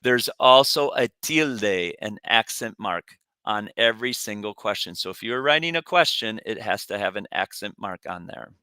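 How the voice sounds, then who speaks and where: A man teaching a recorded Spanish lesson, saying each word in English and Spanish and pausing for students to repeat. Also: fairly low pitch, animated, pushed and bright, clean tone, dry recording. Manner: pronounces words for students to repeat.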